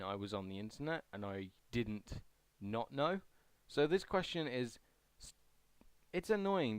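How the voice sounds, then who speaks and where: A man's voice: mid-range voice, clear, resonant tone, no echo. A young man vlogging casually as he answers a survey, chatty and rambling with self-deprecating asides. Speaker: YouTuber.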